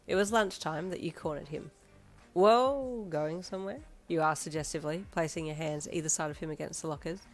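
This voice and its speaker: A woman narrating an audio fanfiction in the second person, even and storytelling. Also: on the low side.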